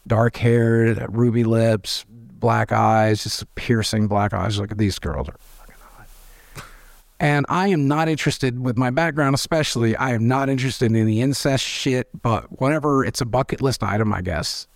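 A man, telling candid stories as an interview guest, animated and swearing freely as he acts out quoted voices. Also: medium pitch, normal speed, gravelly, hardly any pauses, no echo, studio quality. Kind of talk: candid storytelling.

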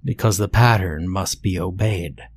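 A man's voice: low-pitched, measured pace. A man voicing a cold faceless controlling entity. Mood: cold commanding. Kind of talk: scripted horror narration.

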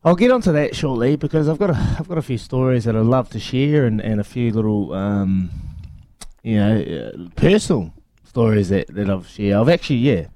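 A young New man talks earnestly on a radio show, stopping and repeating himself as he works out his thoughts. His voice is warm and mellow. It sounds dry and close, with no room around it. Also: mid-range voice, animated, normal speed, dry recording. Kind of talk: casual chat.

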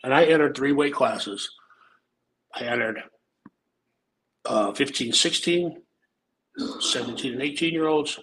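A man's voice: medium pitch, measured pace, pauses often, a bit bright, slight background noise, low-quality recording. A middle-aged man from Omaha, Nebraska, telling stories in a casual, laid-back way, swearing freely and tacking "man" onto his sentences. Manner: laid-back and profane, peppers talk with "man" and "um". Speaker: podcast guest storyteller, former wrestler. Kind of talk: casual storytelling.

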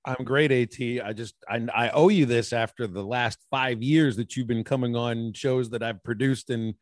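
A man of middling pitch joins by video call as a guest, talking in an easygoing, self-deprecating way. His sound is dry and close. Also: steady tone, normal speed, dry recording. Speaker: guest, baseball play-by-play broadcaster. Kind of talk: casual chat over video call.

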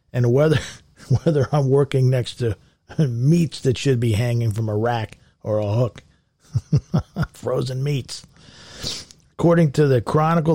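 A man's voice: medium pitch, mellow, dry recording, clean studio sound. A man hosting a show, reading news stories and riffing on them sarcastically, laughing often at his own jokes. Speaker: radio show host. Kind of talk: comedic news commentary.

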